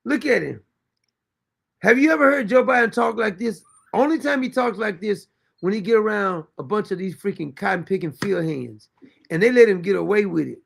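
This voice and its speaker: A man hosting a talk show, commenting loudly and incredulously on played clips. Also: high voice, expressive, moderate pace, gravelly. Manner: incredulous, loud outbursts, frequent laughter. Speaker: show host. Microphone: streaming mic.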